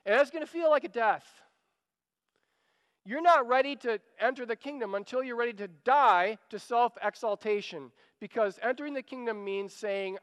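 A man's voice: very high voice, normal speed, a bit bright, clear, resonant tone, long reverb tail. A man preaching a sermon, earnest and urging, often repeating a phrase as he pleads. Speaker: pastor.

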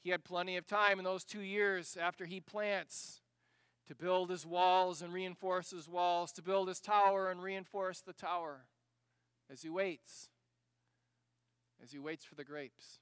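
Male preacher, sermon, dramatic swings from hushed to loud, bright tense tone, clean dry recording. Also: high-pitched, fairly even intonation, a little slow, smooth, dry recording. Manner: acts out the scripture passages he reads.

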